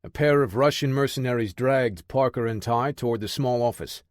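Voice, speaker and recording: A male narrator reading an action thriller audiobook with steady, measured pacing and a mid-range voice. The recording is dry and close, with no room sound. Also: medium pitch, no echo.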